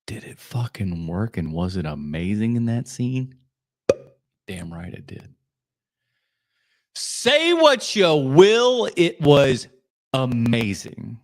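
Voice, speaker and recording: A man's voice: mid-range voice, very animated, slow, long pauses. A man hosting a podcast, riffing sarcastically and swearing as he reacts live to video clips. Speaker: podcast host.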